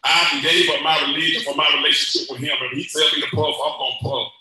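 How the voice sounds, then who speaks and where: Animated preacher man in an echoey room. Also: fairly high pitch, fast talker. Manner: playful, preachy, swings from joking asides to shouting. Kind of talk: lively church teaching session.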